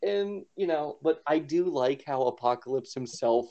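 A man's voice: a little high, expressive, normal speed, mellow. A man co-hosting a podcast in casual chat, rambling with lots of fillers and frequent laughs. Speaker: podcast co-host. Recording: dull lo-fi podcast audio.

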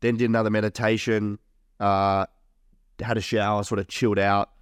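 Laid-back man, low voice. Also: flat delivery, normal speed, smooth, no room sound, clean studio sound. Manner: laid-back, swears casually, laughs often. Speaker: podcast co-host. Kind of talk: casual podcast chat.

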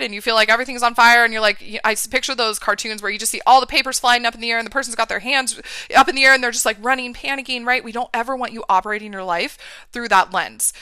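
A woman's voice: a little high, pushed and bright, clean tone, no room sound, clean studio sound. A woman coach giving an emphatic motivational talk, often checking in with "right?" and "okay". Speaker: mindset and business coach for women.

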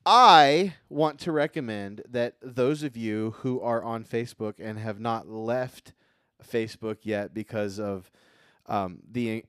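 A man's voice: on the low side, no echo, clean studio sound. A man hosting a podcast, wrapping up an interview and joking with his co-hosts in casual chat. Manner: jokey, relaxed banter. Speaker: podcast host.

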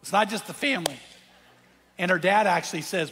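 A man with a somewhat high, husky voice preaches a sermon, telling a story and turning to his listeners to draw them in. His words ring out with a long reverb from a large church hall. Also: quick pace, fairly bright tone, faint music behind. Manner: earnest storyteller who addresses the congregation directly. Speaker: pastor.

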